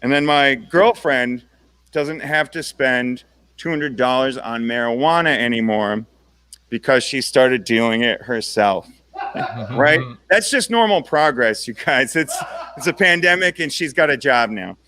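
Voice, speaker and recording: A man's voice: mid-range voice, expressive, unhurried, pushed and bright. A young man performing a stand-up comedy set, casual and self-deprecating, checking in with the crowd with "right?" after his jokes. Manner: conversational, self-deprecating punchlines with tag-on "right?".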